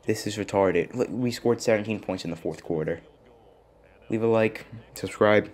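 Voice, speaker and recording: A young man with a fairly low voice, narrating his football video game with rising frustration. He talks straight into a desk mic, swinging from muttering to shouting. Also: moderate pace. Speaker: gaming YouTuber. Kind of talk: gameplay commentary.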